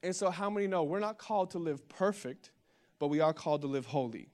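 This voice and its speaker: A young man preaching a sermon as pastor, telling a humorous story and building to loud, energetic declarations. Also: on the high side, fairly quick.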